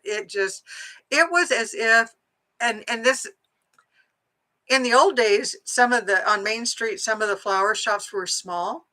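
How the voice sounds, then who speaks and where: Woman, middle-aged, bright and pushing tone, casual storyteller who acts out quotes. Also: medium pitch, rough recording. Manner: chatty, animated, acts out quoted lines. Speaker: psychic medium telling a personal story.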